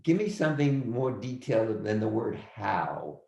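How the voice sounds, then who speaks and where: A man's voice: fairly low pitch, sing-song, normal speed, vocal fry, a little mellow, roomy sound. A man teaching a history class over a video call, emphatic and repeating his points as he calls on students. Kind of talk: online class lecture.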